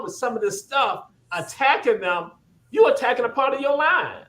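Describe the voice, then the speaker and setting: A man's voice: extremely high pitch, expressive, normal speed, a bit bright, reverberant. A man with a Gullah Geechee Southern accent hosting a talk show, lecturing in a rousing, preacher-like way and driving points home with repeated calls of "guess what.". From Southern United States, Gullah Geechee. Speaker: host.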